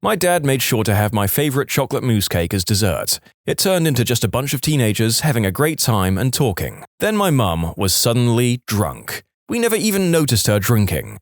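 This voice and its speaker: A man narrating reddit-style stories in an expressive, scripted storytime manner. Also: medium pitch, brisk, few pauses, no echo, clean studio sound. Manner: lively, expressive reading.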